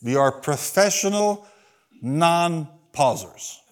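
A man's voice: fairly high pitch, lively intonation, takes it slowly. Man preaching with rising force. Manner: preaching with call-and-response to the congregation; acts out quoted people in the stories. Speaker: pastor. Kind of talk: sermon. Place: church.

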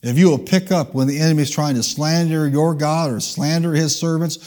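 Pastor guy preaching, kinda high voice, gets the crowd to repeat after him. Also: steady tone, brisk, darkish tone. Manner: preaching, leads call-and-response, shifts pace for emphasis. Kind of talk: sermon. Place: church.

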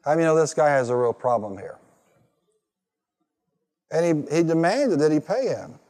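A man's voice: a little high, sing-song, moderate pace, a little mellow. A male pastor preaching a sermon and calling for responses from the congregation, rising to emphatic peaks. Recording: reverberant hall.

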